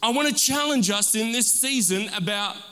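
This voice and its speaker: A man preaches as pastor in a voice that sits high, pushed and bright, clear and resonant. He asks for amens and stretches key words for emphasis, call-and-response style, in a church sanctuary whose large hall produces long reverb.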